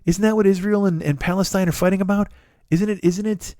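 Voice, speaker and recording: A man in his forties, host of a comedy podcast, rambling through a profane, animated monologue with lots of asides. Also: high voice, a little fast, no room sound, clean studio sound. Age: 40s.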